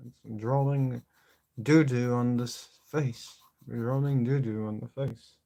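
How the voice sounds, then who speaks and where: A man's voice: mid-range voice, fairly even intonation, slow, dark tone. A young man rambling through a live painting stream, jumping between jokes and mock rants. He curses casually and keeps up a running chatter to his viewers as he works. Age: young adult. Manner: loose, joking, swears freely, talks to himself.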